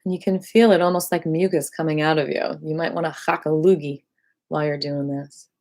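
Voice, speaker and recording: A woman with a fairly low voice leads a qigong class over a livestream. She talks slowly and soothingly, offering gentle affirmations, now and then rising into sudden loud bursts. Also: steady tone. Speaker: qigong and voice teacher.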